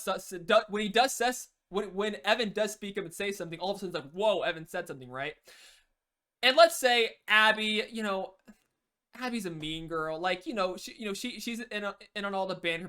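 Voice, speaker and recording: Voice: medium pitch, pushed and bright, clear, resonant tone. A coach talking through team play in a loose, unscripted way. Sentences often restart, and "you know" fills the gaps. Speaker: game coach. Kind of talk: casual spoken lesson.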